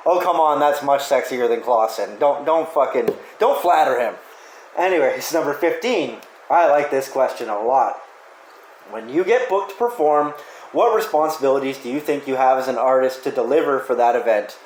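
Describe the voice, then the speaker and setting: A man's voice: medium pitch, lively intonation, moderate pace, a little hiss or hum. Profane joking man, echoey room. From Canada. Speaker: rapper answering fan questions. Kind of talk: casual Q&A vlog.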